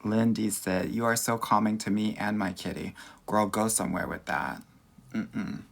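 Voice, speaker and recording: A man's voice: fairly low pitch, steady tone, moderate pace, vocal fry. A man with a Southern California Valley accent, a dating coach chatting casually on a livestream, sassy and campy, calling everyone girl. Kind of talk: casual livestream chat reading comments.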